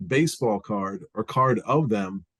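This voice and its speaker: A man hosting a podcast, asking questions in a relaxed, conversational way. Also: on the low side, a little slow, husky, dry recording. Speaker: podcast host. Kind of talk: casual interview.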